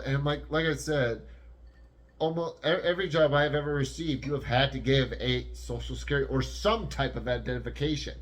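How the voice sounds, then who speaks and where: A man's voice: mid-range voice, moderate pace. A young man co-hosting a podcast, rambling and correcting himself as he chats casually. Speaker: podcast co-host.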